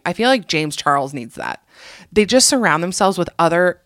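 A woman hosting a casual solo podcast, telling sarcastic, animated stories into a close mic. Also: on the low side, fast talker, dry recording. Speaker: podcast host.

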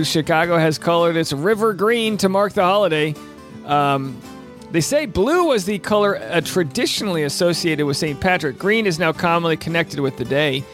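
Man, podcast host, casual joking talk, fillers, fairly high voice, soft background music. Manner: joking, chatty, many fillers. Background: faint Celtic music.

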